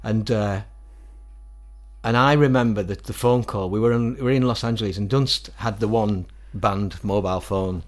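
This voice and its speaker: A middle-aged man with a Northern English accent and a fairly low voice. He tells stories at an easy, animated pace, often slipping into other people's voices to quote them. It is a casual interview. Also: moderate pace. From England. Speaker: guest musician.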